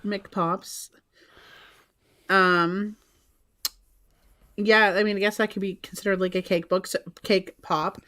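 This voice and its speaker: A woman co-hosting a livestream in casual chat, reading menu items aloud slowly and chatting. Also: mid-range voice, fairly even intonation, fairly bright tone. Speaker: co-host of a reseller livestream.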